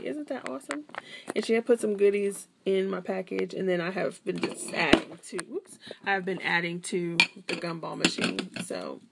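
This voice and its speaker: A woman's voice: mid-range voice, vocal fry, heavy background noise. A woman vlogger casually talking through her craft projects, chatty and rambling, often correcting herself mid-sentence. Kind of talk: casual show-and-tell.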